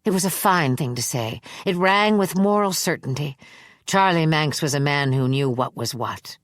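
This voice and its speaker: A woman narrating a dark horror audiobook in a measured, even storytelling manner on a close studio mic. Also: low-pitched, no room sound. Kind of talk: scripted narration.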